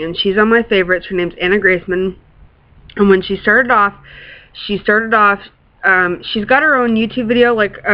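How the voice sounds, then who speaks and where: Gushing, rambling vlogger with lo-fi sound. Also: medium pitch. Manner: gushing and rambling, swears casually, many fillers. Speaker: works in a classroom. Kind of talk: casual chat to camera.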